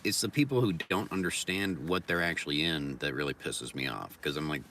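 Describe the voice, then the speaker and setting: A low-voiced man with a sharp, forceful edge to his tone rambles through a blunt, profane livestream monologue, repeating his points like mantras. He sounds set back from the mic, with a faint hiss of noise behind him. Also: brisk, recorded from a distance. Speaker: livestream host.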